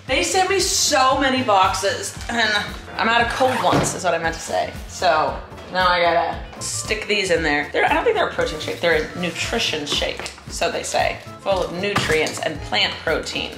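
A woman's voice: lowish voice, big pitch swings, normal speed, music in the background. Playful rambling woman vlogging, roomy sound. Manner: playful, rambling, self-mocking. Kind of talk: casual daily vlog. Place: at home.

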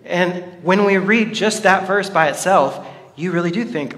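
This man's voice is high and fairly bright, and he speaks without hurry over slight background noise. As a pastor in a church hall, he delivers a playful, joking sermon aimed at his congregation. The recording echoes with hall reverb.

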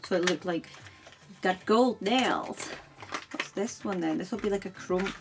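A woman's voice: mid-range voice, measured pace, vocal fry, a little hiss or hum. A woman beauty vlogger chatting to camera in a casual haul video, gushing and filling her sentences with "like" and "um.". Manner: gushing, chatty, heavy use of "like" and "um". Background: background music.

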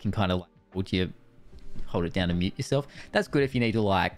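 A young Australian man reviewing his streaming gear in a casual, excited way, swearing freely, on a studio mic in his streaming room. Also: sits low, fast talker, soft background music. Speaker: Twitch streamer. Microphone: studio dynamic mic.

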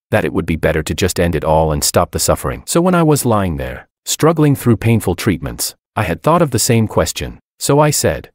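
Man, audiobook narrator, very low voice, lively intonation, dry close sound. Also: dry recording. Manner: expressive, reflective storytelling. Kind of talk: first-person audiobook narration.

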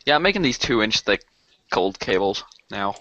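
A man's voice: on the low side, big pitch swings, normal speed, pushed and bright, no echo, muffled recording. A man with a Texan accent chatting casually with a friend while playing a game over a voice call, laid-back and mumbling. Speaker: co-player.

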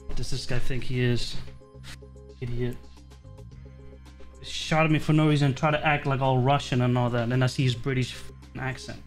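A man giving casual, excitable commentary while playing a survival game, swearing and cutting himself off mid-word. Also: medium pitch, moderate pace, pauses often, soft background music. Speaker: gaming streamer.

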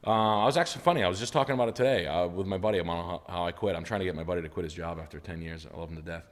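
A man telling a story in a casual, animated and rambling way, with lots of fillers and swearing. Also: sits low, racing. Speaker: storyteller recounting his car sales job. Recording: roomy reverb.

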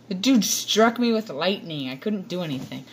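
A woman's voice: lowish voice, heavy background noise. A woman giving playful, rambling commentary over gameplay to her viewers on a computer microphone. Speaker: gaming channel host.

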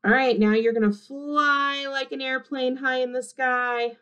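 Reading an interactive movement book to little kids, this female kindergarten teacher sounds lively and encouraging, with a sing-song lilt. Her voice sits high, she goes slowly with few pauses, and the audio is lo-fi.

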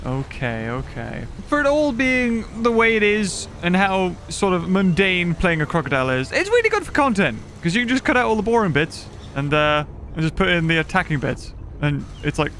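Over game music, a male gaming YouTuber keeps up relaxed, chatty commentary on a survival game, laughing and addressing the animals he sees. His voice sits high and sounds a bit bright.

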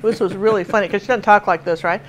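A woman's voice: mid-range voice, fairly even intonation, fast, a little hiss or hum, rough recording. An older woman from Washington State giving a chatty live painting lesson, telling stories and laughing as she works. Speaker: painting teacher.

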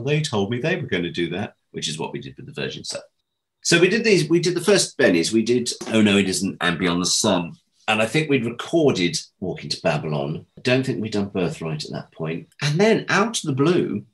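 Low-voiced, lively storytelling man. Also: poor audio. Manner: animated, acts out quoted dialogue with big jumps in pitch; self-deprecating, laughs while telling stories. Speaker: interview guest. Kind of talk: anecdotal storytelling in conversation.

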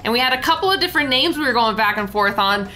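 A woman's voice: a little high, lively intonation, fast, sharp tone, poor audio. A young woman host chatting casually over a recap of her drawing, bubbly and full of filler words. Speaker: artist and channel host.

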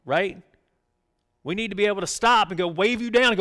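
Brief: male pastor, slightly high voice, chatty sermon that turns from loud urging to quiet. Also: fairly quick. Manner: conversational, keeps asking "right?"; animated, swings between loud urging and quiet.

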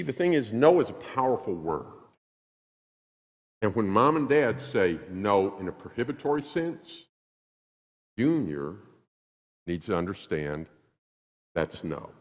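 A male pastor preaching a sermon in a church, emphatic and animated, acting out little scenes. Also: lowish voice, in a large hall. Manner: animated, acts out quotes, emphatic repetition. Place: church sanctuary.

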